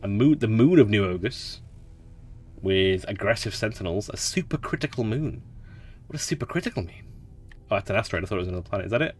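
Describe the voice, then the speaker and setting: Low-voiced man chatting over a game. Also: animated, quick pace, soft background music. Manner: chatty, rambling, laughs often. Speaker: let's play host. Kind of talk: relaxed gameplay commentary.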